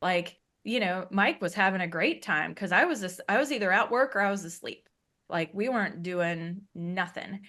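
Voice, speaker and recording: As an interview guest, a woman recounts her own experiences openly and casually, with plenty of laughter. Her mid-range voice is fairly bright, her intonation lively, and her pace moderate.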